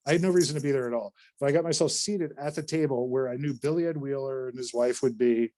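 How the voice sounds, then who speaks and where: A North Carolina man appearing as a podcast guest tells a long story with a mid-range voice at a quick pace. He's animated and rambling, swearing casually and restarting often.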